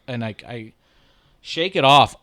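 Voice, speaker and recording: A man in his thirties hosts a casual podcast chat. He tells a story full of profanity and breaks into laughter, with a voice of middling pitch. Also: a little slow, crowd noise. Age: 30s. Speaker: podcast host.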